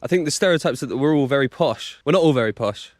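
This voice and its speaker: Fast-talking, emphatic man in a street interview. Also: medium pitch, expressive, no room sound. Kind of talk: casual street interview answers.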